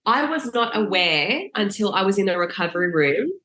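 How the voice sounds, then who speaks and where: A bright-voiced woman tells her birth story casually on a podcast, laughing often and acting out the lines she quotes. Her voice has a roomy, echoey sound. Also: medium pitch, fairly quick, a little hiss or hum. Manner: lively, laughing, acts out quoted lines in a raised voice. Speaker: podcast guest.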